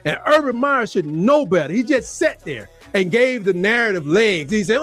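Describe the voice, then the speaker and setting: A man hosting a sports talk show, delivering a heated, animated rant with lots of repeated emphasis. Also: sits high, moderate pace, faint music behind. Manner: fired-up, animated, repetitive emphasis.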